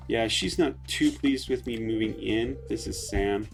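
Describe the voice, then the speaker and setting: A man gives relaxed, rambling commentary over his gameplay, pausing often to collect his thoughts. His voice has a gravelly, creaky texture, and soft guitar music plays underneath. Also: lowish voice. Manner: relaxed, chatty, hesitant. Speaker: let's play host.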